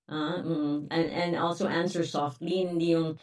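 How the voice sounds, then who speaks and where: Woman from Iloilo co-hosting, easy talk with a lot of laughter, slightly low voice, echoey room. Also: flat delivery, normal speed, a little mellow, far from the mic. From Iloilo, Philippines. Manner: reads a Bible verse, then chats loosely with frequent laughs. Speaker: co-host. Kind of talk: casual Taglish faith talk show chat.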